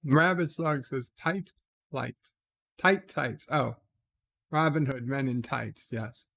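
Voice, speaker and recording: Slow-talking man reading chat aloud. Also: mid-range voice, gravelly, fairly bright tone. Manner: reads chat comments aloud and replies offhand, frequent "uh" hesitations. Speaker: livestream host reading viewer chat. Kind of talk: casual late-night live stream chat.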